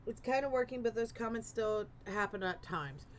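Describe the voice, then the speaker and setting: A woman's voice: a little high, normal speed, a little hiss or hum. A woman streamer in her thirties, chatting casually and encouragingly with her viewers while gaming, a bit rambling.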